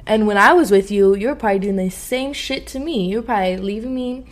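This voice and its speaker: A young woman tells a story in a loose, casual way, full of slang and frequent laughter. Her voice sits in an ordinary middle pitch, and she talks in an animated, conversational way. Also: fast.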